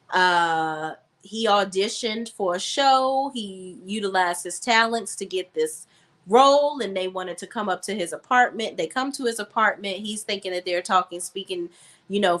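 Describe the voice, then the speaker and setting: A woman hosts a casual gossip chat. She talks in an emphatic, sassy way and keeps checking in with her listeners. Her pitch sits in a middle range. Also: a bit bright. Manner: sassy, emphatic, says "okay?" and "honey" often. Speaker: podcast co-host.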